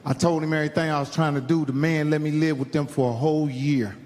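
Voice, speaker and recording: A man from Indiana doing stand-up storytelling, profane and animated, acting out the people in his stories. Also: a little high, quick pace. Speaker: stand-up comedian. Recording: live hall recording with long reverb.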